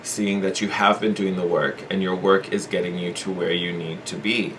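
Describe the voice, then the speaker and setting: A man's voice: deep voice, steady tone, moderate pace, a bit bright, slight background noise. A man giving a casual tarot reading, thinking aloud with hedges and repeats in an earnest, encouraging way. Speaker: tarot reader.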